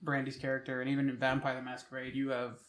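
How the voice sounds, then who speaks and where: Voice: mid-range voice, completely flat delivery, fast. Blunt, profane podcast co-host. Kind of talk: casual podcast chat.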